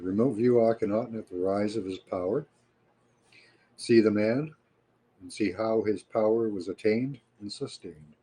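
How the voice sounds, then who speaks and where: A man with a Canadian accent, hosting a live stream in a relaxed, rambling way and chatting casually with viewers. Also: lowish voice, slight background noise, rough recording. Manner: relaxed and rambling, with frequent fillers. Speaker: livestream host.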